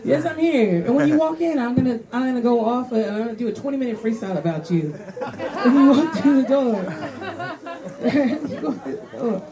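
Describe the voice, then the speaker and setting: A young woman works a comedy club stage, her voice sitting a little high. She rambles loosely and keeps breaking into laughter mid-story. The live recording carries loud audience laughter around her. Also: lively intonation, brisk, a crowd in the background. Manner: loose, rambling delivery, laughing between lines. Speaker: stand-up comedian. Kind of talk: stand-up comedy set.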